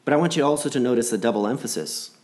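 A man's voice: medium pitch, racing, a little mellow. A man preaching a gospel sermon in an earnest voice, repeating key phrases and swinging between rising and dropping delivery.

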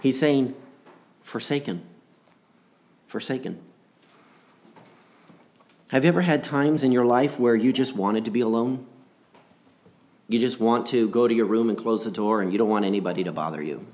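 A man's voice: mid-range voice, a little fast, darkish tone. Earnest preacher man, repeating for emphasis. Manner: earnest, repeats phrases for emphasis, swings between rising and dropping delivery. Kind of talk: gospel sermon.

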